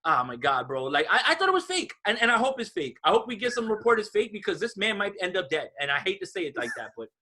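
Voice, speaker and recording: A man's voice: sits high, big pitch swings, quick pace, few pauses, pushed and bright. A man co-hosting a podcast, ranting in casual chat with lots of profanity. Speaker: podcast co-host.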